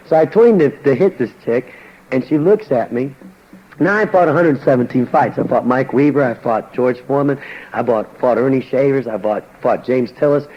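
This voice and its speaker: A man's voice: mid-range voice, highs cut off. An older man, a former boxer, telling his conversion story as a church testimony in a colloquial, slangy storytelling manner.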